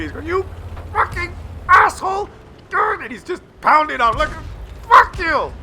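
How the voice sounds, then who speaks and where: A man's voice: high voice, pushed and bright, a little hiss or hum. A man doing sarcastic, mocking commentary over a game replay, swearing freely as he calls out a troll. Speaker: gameplay commentator.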